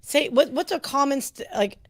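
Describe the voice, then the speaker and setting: A woman's voice: high-pitched, expressive, moderate pace, no echo. An upbeat, chatty woman hosting a casual conversation between friends. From United States. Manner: chatty, upbeat, lots of fillers. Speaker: host. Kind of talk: casual chat.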